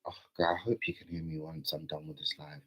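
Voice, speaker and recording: A man chatting casually on a livestream, playful, with sudden loud outbursts. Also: a bass voice, little pitch movement, brisk, breathy edge, dull audio.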